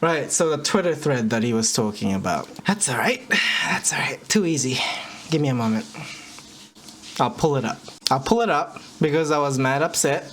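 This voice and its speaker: A man's voice: medium pitch, animated, moderate pace, a little hiss or hum. A man rambling through livestream reaction commentary, correcting himself and laughing at his own words. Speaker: commentary streamer.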